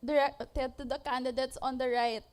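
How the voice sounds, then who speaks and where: A young Filipino woman moderating a student candidates' forum, briskly and politely calling on each candidate in turn. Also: sits high, little pitch movement, darkish tone, slight background noise. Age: young adult. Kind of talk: reading questions at a candidates' forum.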